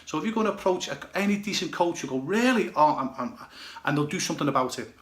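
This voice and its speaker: A man's voice: on the high side, animated, racing, fairly bright tone, roomy sound. A blunt, emphatic man with a British accent, a goalkeeper coach giving direct advice and often checking "okay, yeah?". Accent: British English.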